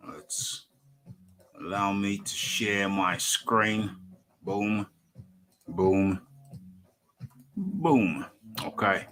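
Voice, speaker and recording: A boxing talk show host with a fairly bright voice on the low side rambles through a casual livestream, reading an article aloud. He talks to himself and calls himself by name in the third person.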